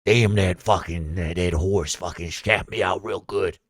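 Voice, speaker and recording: A man's voice: low voice, fairly even intonation, measured pace, dry recording, clean studio sound, pitched below the performer's own voice. A man voicing a brash, boastful American good-ole-boy who calls everyone brother and drawls his tall tales.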